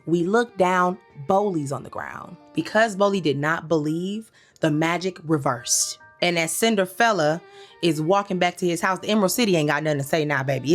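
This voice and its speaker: A woman's voice: fairly low pitch, a bit bright. Playful woman in her thirties recapping. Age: 30s. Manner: playful, slangy storytelling with asides. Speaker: episode recap host. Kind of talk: comedic episode recap commentary.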